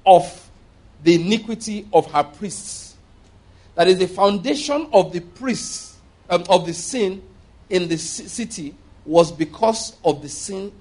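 High-pitched preacher man reading scripture. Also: a little mellow. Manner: reads scripture aloud with emphatic stresses, occasional restarts. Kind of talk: sermon.

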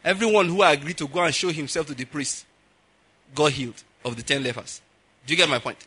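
A man preaching a sermon in an animated way, acting out voices and laughing at his own jokes. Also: a little high, fairly quick, husky.

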